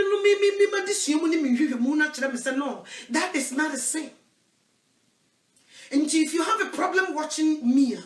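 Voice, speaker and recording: Recorded from a distance in an echoey room, this Ghanaian-accented woman evangelist preaches alone into her own recording. Her delivery is emphatic, shifting between booming declarations and quiet asides.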